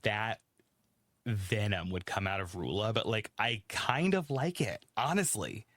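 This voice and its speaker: A man's voice: fairly low pitch, a little slow, a bit bright, no room sound, studio quality. A man from Kentucky hosting a podcast, chatting casually and gushing with emphasis. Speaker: podcast host. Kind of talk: casual chat.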